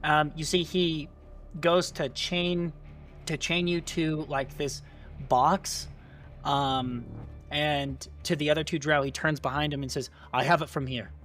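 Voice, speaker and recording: A man's voice: on the high side, fairly even intonation, slow, a bit bright. A man narrating a tabletop game as game master, in a casual style full of fillers. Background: faint music.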